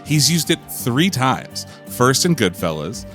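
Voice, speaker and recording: A man's voice: medium pitch, sing-song, unhurried, fairly bright tone, soft background music. A man co-hosting a film podcast in casual chat, friendly and jokey. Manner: friendly, jokey, some restarts. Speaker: podcast co-host.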